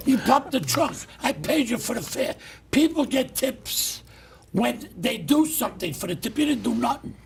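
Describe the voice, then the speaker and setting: Gravelly, blunt New man ranting. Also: extremely high pitch, moderate pace. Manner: blunt, loud, animated storyteller. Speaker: talk show host. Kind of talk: casual ranting monologue.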